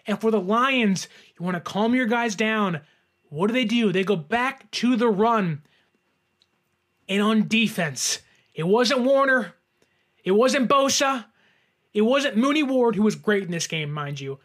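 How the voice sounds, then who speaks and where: A man with a high voice hosts a sports reaction, talking in a fast, fired-up rush. He sounds like a fan, breaking into near-shouts when a play goes wrong. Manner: animated, fan ranting with rising shouts. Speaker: sports podcast host. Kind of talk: excited sports reaction monologue.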